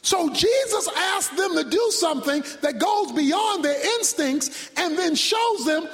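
A man preaching a sermon with dramatic delivery, shouting one moment and dropping low the next. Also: sing-song, a little slow, few pauses, soft background music. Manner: dramatic, shouting, sudden drops to near whisper. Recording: long hall reverb.

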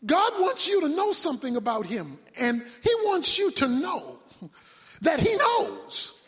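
High-voiced preacher in a reverberant hall. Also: male voice, sing-song, unhurried. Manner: preaching with sudden shouts and drops to a hush. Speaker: pastor. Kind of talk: sermon.

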